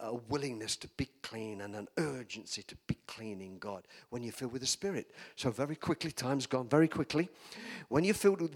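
A man preaching a sermon in a church, emphatic and calling for amens from the congregation. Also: medium pitch. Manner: emphatic, call-and-response preaching.

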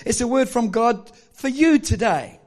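A man delivers a sermon in a high, light voice. He speaks slowly and deliberately, leaning hard on key phrases and slipping in gentle humor. It sounds like a pastor at the pulpit in church. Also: expressive. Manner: emphatic, slow and deliberate with rising force.

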